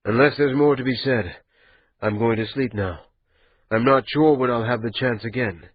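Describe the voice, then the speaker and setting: A man reading an audiobook, voicing a weary, frightened young man who speaks quietly to his lover. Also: medium pitch, normal speed, breathy edge, narrow, tinny audio, close to an everyday voice. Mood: subdued.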